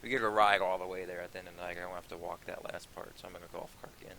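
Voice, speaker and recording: A young man talks over his own video footage in a loose, rambling way, swearing often and wandering from point to point. His voice is very bright and a little low in pitch, with a faint hiss behind it. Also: flat delivery, racing, creaky. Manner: profane, rambling and offhand. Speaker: vlogger. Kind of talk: casual vlog narration.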